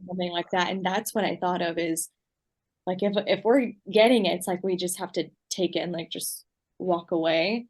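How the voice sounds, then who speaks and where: Low-voiced woman, hesitant and reflective. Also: moderate pace, darkish tone. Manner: hesitant, reflective, heavy on fillers. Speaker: podcast guest. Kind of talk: casual conversation.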